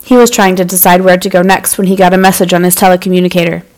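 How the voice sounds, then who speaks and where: A woman hosting a children's story podcast, telling the story in a lively, friendly way to young listeners. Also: lowish voice, rapid-fire, low-quality recording.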